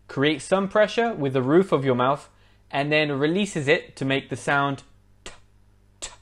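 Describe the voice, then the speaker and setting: A man with a southern English accent gives a pronunciation lesson at a middle pitch. He says each word slowly and clearly, now and then adding a light joke. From south of England. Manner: slow, clear modelling of words, light joking.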